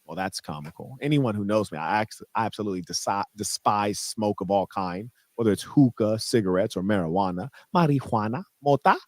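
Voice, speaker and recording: A man's voice: lowish voice, animated, brisk, few pauses, darkish tone, no room sound. A man in a clipped monologue, boastful and condescending toward commenters. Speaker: online personality in a clipped video.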